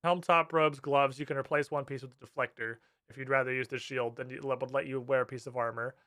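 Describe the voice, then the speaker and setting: A man streaming a video game, giving animated, profane, ranting commentary. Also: medium pitch, fairly quick. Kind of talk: casual live-stream commentary. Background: game music.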